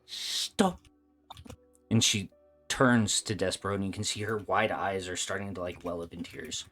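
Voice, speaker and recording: A woman's voice: extremely low pitch, fairly even intonation, moderate pace, a bit bright, soft background music. A woman narrating as game master of a tabletop game, speaking casually with many fillers.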